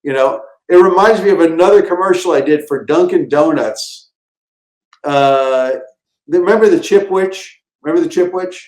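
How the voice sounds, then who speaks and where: A man's voice: on the high side, normal speed, darkish tone, roomy sound, poor audio. A man, a comedian guest, telling casual stories and acting out quotes and sound effects. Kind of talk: casual storytelling.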